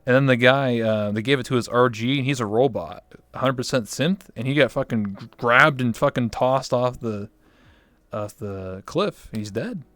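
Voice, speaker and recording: A man's voice: medium pitch, normal speed, a bit bright, no echo. A man as a podcast guest, chatting casually and telling rambling, filler-heavy stories with some swearing. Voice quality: smooth, clear voice. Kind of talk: casual interview chat.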